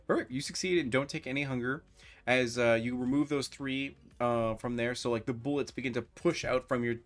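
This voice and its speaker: A man's voice: mid-range voice, steady tone, a little fast. A man running a tabletop role-playing game as game master, narrating in a casual way with lots of fillers. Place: home streaming setup.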